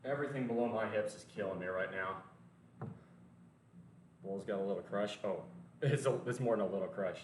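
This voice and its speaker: A man's voice: lowish voice, fairly quick, long pauses, slight background noise. A man with a mild Southern US accent chatting casually and profanely while training at the gym. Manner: rambling, profane, joking. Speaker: lifting vlogger. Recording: very echoey room, from far off.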